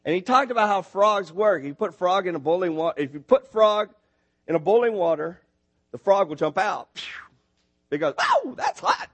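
A man preaching in church, his voice pitched high for a man. He is animated and conversational, building to loud, emphatic peaks when he drives a point home. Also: normal speed. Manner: animated, rising to near shouts when stressing a point. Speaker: missionary preacher. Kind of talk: sermon.

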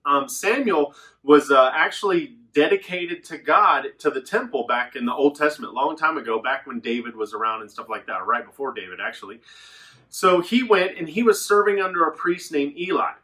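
A man teaching a children's Bible lesson, telling stories in a lively way and acting out the characters' lines. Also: fairly high pitch, moderate pace. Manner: animated storytelling with voices. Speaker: children's pastor.

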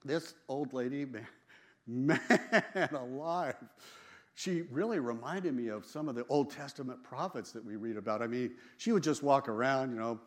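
A man with a voice of ordinary middle pitch tells a personal religious testimony in a relaxed, conversational way. He is emphatic and laughs often, and he repeats and restarts his phrases as he goes. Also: normal speed. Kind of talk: casual personal testimony storytelling.

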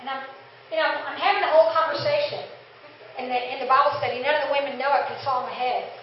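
Lady sharing her testimony at church, high voice, far off the mic in a super echoey room. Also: steady tone, fast talker, muffled recording, slight background noise. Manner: chatty, laughing, acts out inner dialogue. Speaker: testimony speaker.

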